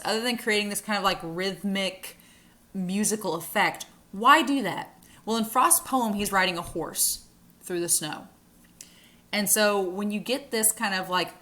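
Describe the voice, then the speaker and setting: A woman teaching a recorded college English class, her voice bright and ringing. She explains poetry terms in an upbeat, chatty way. When she reads verse aloud she slows down and stresses the beat. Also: mid-range voice. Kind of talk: recorded lecture.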